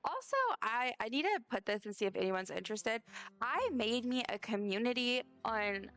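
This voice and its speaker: Young woman streamer rambling to chat, smooth but kinda gravelly, some quiet music behind. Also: fairly high pitch, expressive, moderate pace. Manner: rambling, chatty, talks straight to her chat. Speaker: game streamer. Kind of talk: casual live-stream chat while playing.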